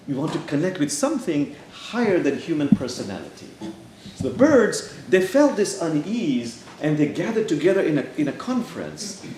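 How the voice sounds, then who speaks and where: Slow, lively-voiced male preacher in a church. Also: fairly high pitch, a little hiss or hum. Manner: gentle, unhurried, playful storytelling with acted bird voices. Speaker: Sufi teacher and speaker. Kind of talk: sermon storytelling. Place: large church hall. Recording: echoey church hall.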